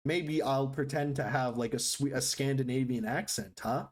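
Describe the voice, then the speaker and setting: A man's voice: mid-range voice, normal speed. A man on a live game stream, talking loosely at his desk at home. He jokes at his own expense and breaks into laughter often, keeping the tone light and playful. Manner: joking, self-deprecating, laughs often. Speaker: livestreamer. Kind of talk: casual live-stream chat while gaming. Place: home room next to a busy street.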